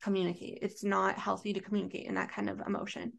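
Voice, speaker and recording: A woman's voice: medium pitch, completely flat delivery, fast talker, gravelly, a crowd in the background. A woman co-hosting a podcast who reads out listener questions and chats earnestly. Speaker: podcast co-host. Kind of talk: casual chat.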